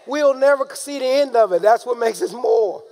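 A man preaching a sermon, calling out to the congregation and rising into shouted emphasis. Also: very high voice, moderate pace. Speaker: pastor.

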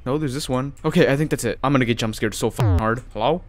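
A man's voice: medium pitch, fast talker. A man doing let's play commentary on a horror game, jumpy and easily spooked, swearing as he goes. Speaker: gaming YouTuber.

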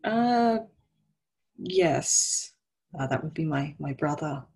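A woman's voice: deep voice, expressive, slow, gravelly, darkish tone, husky. A woman playing her character in a tabletop game, speaking in a hesitant, stammering way. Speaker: player.

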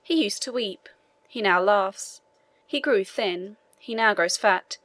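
A man's voice: high voice, slow pace, bright, forceful tone, no echo, full character voice. A woman reading the part of an obliging man, a prison governor, who explains matters deferentially, in an audiobook.

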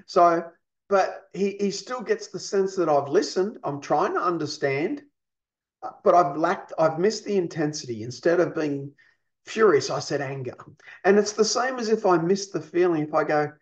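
Man teaching, slightly high voice, muffled. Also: animated, moderate pace. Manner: explanatory, checks in with "you see?" and "okay?". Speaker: counselling instructor. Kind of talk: recorded teaching lesson.

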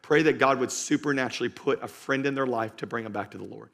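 A man preaching a sermon to a live congregation as pastor, driving points home by repeating them and moving between loud urging and slow, quiet emphasis. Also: medium pitch, vocal fry. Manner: emphatic, repeats key lines for stress. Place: church stage before a live congregation.

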